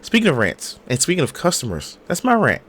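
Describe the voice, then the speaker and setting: A hoarse man, an animated, slangy podcast co-host telling a story over a video call. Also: a little high, fairly quick. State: hoarse from a cold. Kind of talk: casual chat.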